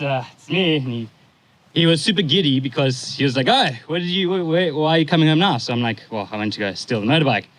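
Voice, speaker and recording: The eulogy comes from a twenty-something young man honoring his stepfather; he recounts a story informally, haltingly, breaking off at moments to regain composure. The voice sits in the middle range with a fairly bright tone, on a low-quality recording.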